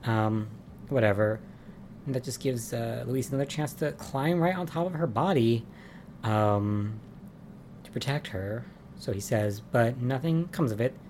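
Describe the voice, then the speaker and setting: A man's voice: medium pitch, measured pace, a little mellow, a little hiss or hum. A man giving a casual, chatty recap of soap opera episodes, with lots of "um" and "like" and amused asides.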